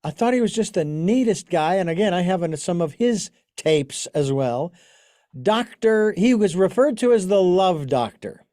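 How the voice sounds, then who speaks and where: A man's voice: high-pitched, expressive, normal speed, dark tone, no room sound, studio quality. A man hosting an interview, telling long anecdotes in casual chat with many restarts and fillers. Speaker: podcast host.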